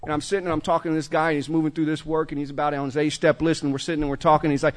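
Talking to a recovery group in a meeting room, a middle-aged man speaks loosely and conversationally at a racing pace. His voice is a little high with fairly even intonation, and he keeps restarting, stammering repeats and tacking on "man."

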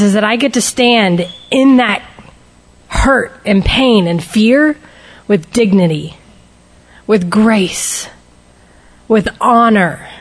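A woman speaking candidly and emotionally to a recovery group, sharing her personal testimony and shifting her pace for emphasis. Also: mid-range voice.

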